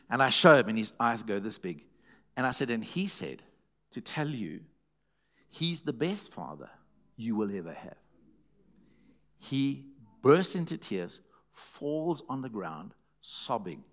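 A man's voice: mid-range voice, a bit bright. A middle-aged man, a pastor telling a story in a sermon, acting out the voices he quotes.

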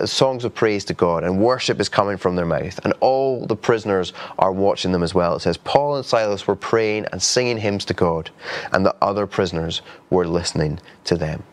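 A pastor preaches a sermon in an earnest, conversational way, restarting often. His voice is low-pitched and he keeps a moderate pace.

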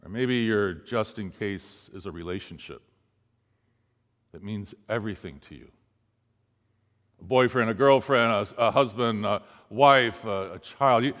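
A pastor preaches a sermon, telling a story and acting out the voices of the people in it. His mid-range voice moves at normal speed with a fairly bright tone, and the recording has long hall reverb.

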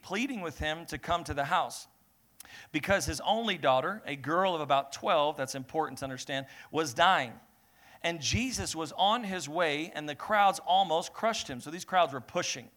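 Energetic bright-voiced male preacher. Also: fairly high pitch. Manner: energetic, builds to emphatic peaks, calls on the congregation to respond. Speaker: pastor. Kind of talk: sermon reading scripture with commentary. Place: church service with congregation.

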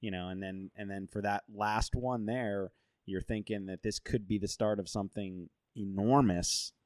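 Male interviewer, lowish voice, dry close sound, sympathetic. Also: steady tone, normal speed, dry recording. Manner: sympathetic, emphatic. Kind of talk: casual interview.

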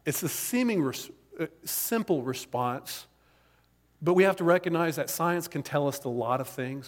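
A man's voice: a little high, expressive, normal speed. A man preaching a sermon in a church sanctuary, talking conversationally with jokes and asides. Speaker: pastor. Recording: long reverb of a large hall.

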